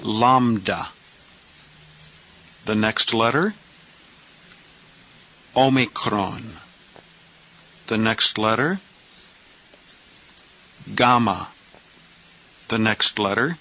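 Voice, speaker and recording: A man teaching Greek letters, who asks questions and answers them himself in a slow, step-by-step lesson. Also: lowish voice, bright, forceful tone, poor audio.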